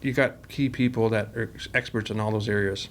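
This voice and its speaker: A man's voice: on the low side, fairly even intonation, a little fast, a little hiss or hum. A man, a company president, telling workplace stories in a rambling, casual interview style and acting out the quoted dialogue. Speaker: company president, podcast guest.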